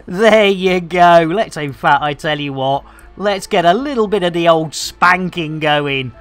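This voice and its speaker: A woman's voice: lowish voice, unhurried, soft background music. A woman streamer giving cheeky, bantering live commentary into a desk microphone.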